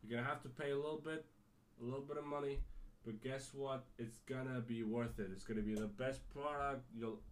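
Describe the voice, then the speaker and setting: A man with a British-leaning accent that slips toward American now and then hosts his own podcast. He rambles excitedly, swears freely and keeps restarting his sentences. His voice sits at an ordinary middle pitch for a man. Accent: British-leaning, sometimes drifting American. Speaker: podcast host. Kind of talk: casual solo podcast monologue.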